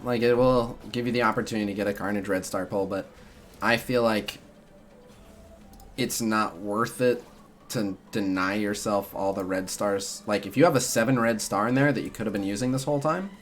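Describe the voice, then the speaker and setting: A man's voice: mid-range voice, a little hiss or hum. A young man streaming a mobile game, chatting casually with his viewers in a rambling way full of "like" and "uh" fillers. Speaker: streamer answering chat. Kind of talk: casual livestream chat about a mobile game.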